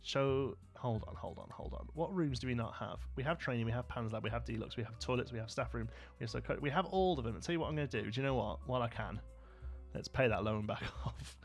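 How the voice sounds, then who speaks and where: A man's voice: mid-range voice, quick pace, soft background music. Chatty male game streamer. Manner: chatty and rambling, chats with viewers. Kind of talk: live gameplay commentary.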